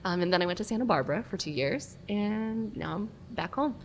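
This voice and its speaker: Woman guest journalist, animated storyteller, mid-pitched voice, faint hiss behind. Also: fairly quick. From Southern California. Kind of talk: casual interview chat.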